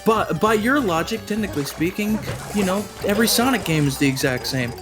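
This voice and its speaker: A man's voice: high voice, lively intonation, fairly quick. A man in casual voice-chat banter, arguing and teasing his friends. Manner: argumentative, teasing. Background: game music.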